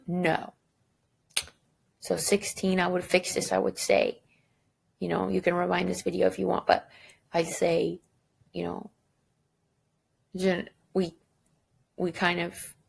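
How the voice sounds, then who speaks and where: A woman's voice: fairly low pitch, creaky, husky. A woman teacher giving a recorded lesson, chatty and self-deprecating, thinking aloud as she goes.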